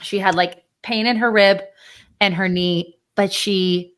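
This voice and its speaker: A woman's voice: medium pitch, fairly even intonation, measured pace, clean tone. A woman co-hosting a podcast, chatting casually and emphatically about fitness, with the odd swear word. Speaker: podcast co-host.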